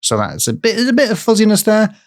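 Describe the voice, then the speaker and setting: A man co-hosting a podcast, telling a folklore tale in a conversational way with wry, deadpan jokes. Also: high voice, quick pace. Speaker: podcast co-host and storyteller.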